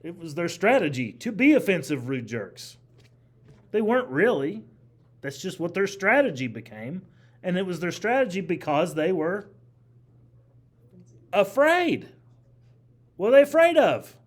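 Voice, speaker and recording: A man's voice: high voice, sing-song, moderate pace. A man teaching a history class, lecturing animatedly, asking the class questions and repeating key phrases.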